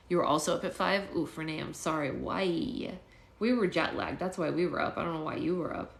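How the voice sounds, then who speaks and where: A woman hosting a daily book-club livestream, chatting casually with viewers, laughing often and slipping into quick impressions. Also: low voice, lively intonation, creaky. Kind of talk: casual live-stream chat and read-aloud. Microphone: phone.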